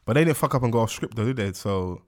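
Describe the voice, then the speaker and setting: Male podcast host, light lisp, animated and slangy. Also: lowish voice, fast. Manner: slangy, laughing, rambling banter. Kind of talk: casual chat.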